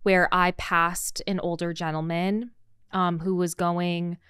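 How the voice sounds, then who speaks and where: Smooth-voiced expressive woman podcaster. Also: lowish voice, slow, dry recording, clean studio sound. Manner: expressive, emphatic reactions, acted quotes. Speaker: podcast co-host. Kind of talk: casual chat.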